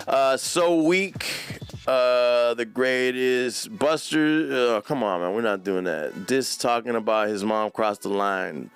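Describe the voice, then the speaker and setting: A man's voice: medium pitch, a bit bright, clear, resonant tone. A man hosting a live podcast, reading chat comments in a casual, profane, slang-heavy way. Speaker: podcast host.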